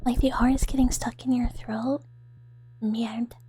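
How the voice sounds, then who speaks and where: A woman's voice: high voice, flat delivery, moderate pace, mellow, a little hiss or hum, rough recording. A woman streamer in a whispered ASMR chat with her viewers, giggling often as she talks.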